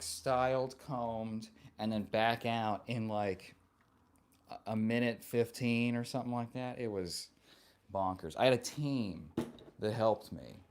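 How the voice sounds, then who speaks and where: A man's voice: medium pitch, a little mellow. A man hosting a casual live stream, reading viewer comments aloud and answering them in a playful, joking and affectionate way.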